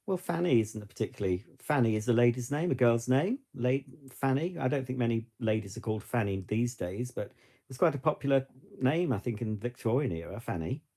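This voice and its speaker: A man's voice: medium pitch, mellow. A middle-aged British man chatting casually to camera in a rambling way, with frequent restarts and asides. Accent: British English. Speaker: vlogger.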